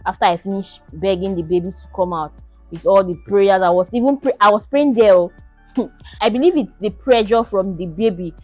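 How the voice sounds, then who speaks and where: A young woman telling her own story to the camera in an animated, casual way, laughing often and acting out the shouts and pleas. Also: mid-range voice, normal speed, dry recording, lo-fi sound, faint music behind. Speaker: vlogger sharing her birth story.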